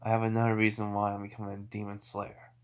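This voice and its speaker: A fearless, calm teenage demon slayer who speaks in a flat, offhand way, read by a man in his ordinary speaking voice. He sounds matter-of-fact even when he threatens. This is a casual homemade fan story. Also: on the low side, fast talker, smooth, close to an everyday voice. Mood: determined.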